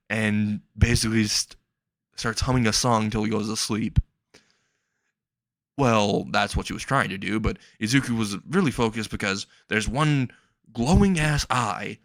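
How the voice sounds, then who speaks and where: A man rambles through a comic story in a casual, swearing tone, breaking into laughs as he goes. His pitch sits in the middle, and the sound is dry and close with no room around it. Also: dry recording.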